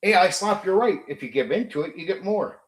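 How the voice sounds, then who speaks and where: A man's voice: sits high, animated, brisk, reverberant. A man hosting a tabletop gaming stream, ranting bluntly and profanely at his chat. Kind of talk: livestream rant.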